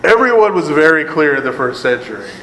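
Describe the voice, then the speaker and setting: A priest with a high-ish, bright, forceful voice, big pitch swings and a slightly fast pace leads a chatty Bible study. He often asks "right?", laughs and adds sarcastic asides, in an echoey room with long reverb and a faint air conditioning hum.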